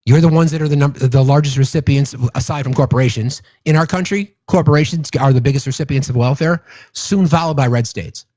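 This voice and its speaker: A man's voice: on the high side, a little fast, a little mellow, no room sound, highs cut off. A man giving a casual political rant to his viewers, sarcastic, mocking and profane. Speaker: political commentator.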